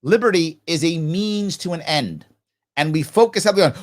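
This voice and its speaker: A man hosting a live ask-me-anything show, talking in a preachy, animated way, asking himself rhetorical questions and acting out both sides of imagined conversations. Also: on the high side, a little fast. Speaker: livestream show host.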